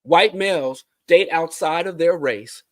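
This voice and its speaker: Male guest, slightly raised pitch, dry sound, emphatic and argumentative. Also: measured pace, no room sound. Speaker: podcast guest. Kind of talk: casual podcast discussion.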